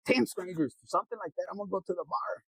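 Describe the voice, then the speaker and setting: A man's voice: high-pitched, fast, gravelly, breathy edge, no room sound, poor audio. A man giving a rambling, casual tarot reading, laughing often, swearing freely and slipping into Spanish. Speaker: tarot reader.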